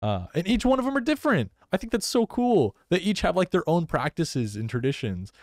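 A man's voice: sits high, dry recording, studio quality. A young man co-hosting a college radio show, chatting loosely and rambling. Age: young adult. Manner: rambling, animated, quick to laugh. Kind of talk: casual chat. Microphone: studio microphone.

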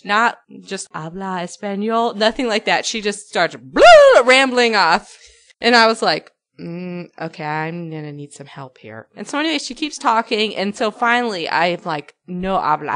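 A woman co-hosting a podcast, telling a story in casual chat and laughing often as she goes. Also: fairly high pitch. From New Mexico. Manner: laughing storyteller, animated retelling. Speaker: podcast co-host.

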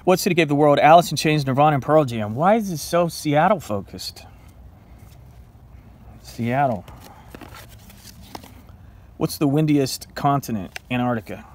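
A man's voice: fairly high pitch, expressive, unhurried, long pauses, a little mellow. A man casually quizzing himself on trivia while eating, playful and self-mocking, now and then talking to his dog. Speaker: vlogger.

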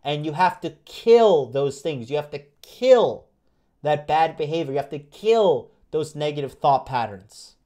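A man's voice: on the high side, expressive, a little slow, warm tone. Brash, profane man ranting to camera. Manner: brash, profane, hammering repetition, mocking whiny voices. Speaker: dating coach and host. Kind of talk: livestream motivational rant.

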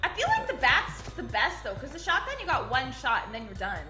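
A woman co-hosting a gaming video, reacting excitedly to gameplay and laughing often. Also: high-pitched, a little fast. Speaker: gaming channel co-host. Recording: echoey room with game music. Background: game music.

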